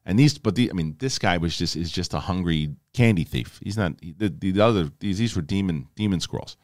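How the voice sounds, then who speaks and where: A man hosting a podcast, telling a story in a casual, animated, emphatic way and swearing freely. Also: low voice, fairly quick, no echo, clean studio sound. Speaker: podcast host.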